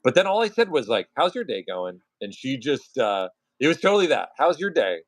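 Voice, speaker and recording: Animated, profane male streamer. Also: medium pitch, brisk. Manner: profane, animated storytelling with acted-out quotes. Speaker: artist hosting a livestream. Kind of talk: casual chat.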